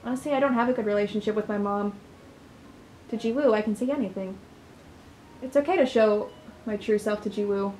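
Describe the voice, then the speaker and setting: A woman reading the first-person lines of a troubled young woman in a game, quiet and plain. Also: medium pitch, a little fast, pauses often, echoey room, a little hiss or hum, lightly acted, low-quality recording. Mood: subdued. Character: troubled young woman narrating her own story.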